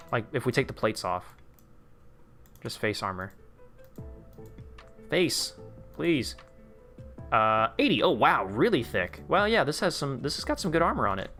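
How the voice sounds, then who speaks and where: A young man hosting a live stream, chatting casually and getting excited as he reacts to what he sees. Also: mid-range voice, unhurried, pauses often, soft background music. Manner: excitable, chatty, reads chat aloud. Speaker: livestream host. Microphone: desk microphone.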